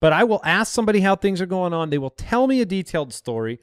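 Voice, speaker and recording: A man's voice: sits high, big pitch swings, dry recording, studio quality. A man hosting a comedy podcast, teasing his co-hosts in casual banter. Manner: teasing, quick to laugh. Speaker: podcast host.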